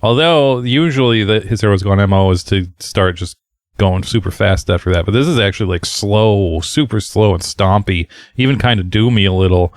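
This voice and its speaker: A man's voice: on the low side, normal speed, dry recording, clean studio sound. A man co-hosting a podcast, chatting casually about a punk record with lots of fillers and easygoing asides. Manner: relaxed, rambling, frequent fillers and laughs. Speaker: podcast co-host. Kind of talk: casual record-review chat.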